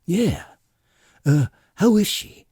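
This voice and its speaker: A man's voice: sits high, lively intonation, warm tone, slightly rough, dry recording, studio quality, voice pushed up, exaggerated voice. A man voicing a flustered, evasive male alien adventurer who stammers and pleads in a hurry, as a character voice in an audiobook reading. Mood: nervous, pleading. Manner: stammering with many "uh"s and hurried pleading.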